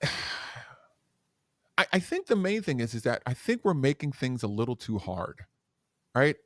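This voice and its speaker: A man who is a guest educator and speaker on a podcast interview, talking in an animated, demonstrative way that swings between loud and soft. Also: mid-range voice, a little slow, no echo, clean studio sound.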